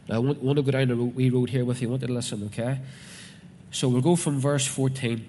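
A man's voice: medium pitch, quick pace, a little mellow, slight background noise. A man with a Northern Irish accent preaching a sermon, reading scripture and explaining it earnestly and conversationally to his congregation. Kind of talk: sermon, Bible reading with commentary. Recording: reverberant hall with faint ambience.

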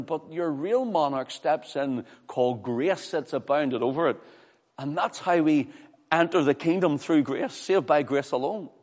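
A man preaching a sermon with fervor, swinging from loud, high exclamations to low, quiet scripture reading. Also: expressive, unhurried. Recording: long hall reverb.

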